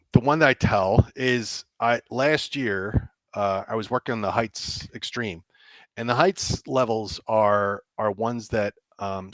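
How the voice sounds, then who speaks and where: A man, a game developer guest on a podcast, telling an animated story and acting out the dialogue with lots of restarts. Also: mid-range voice, no echo. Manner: excitable, acts out quoted dialogue, many restarts.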